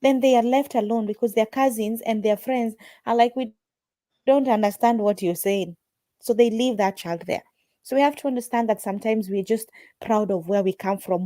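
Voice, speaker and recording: Animated woman hosting a group chat. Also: medium pitch, dry recording. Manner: emphatic, animated storytelling. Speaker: host of a group call.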